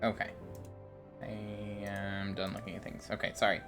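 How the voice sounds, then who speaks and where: A woman's voice: extremely low pitch, level tone, moderate pace, fairly bright tone, soft background music. A woman streaming a game, chatting casually and reading its dialogue aloud.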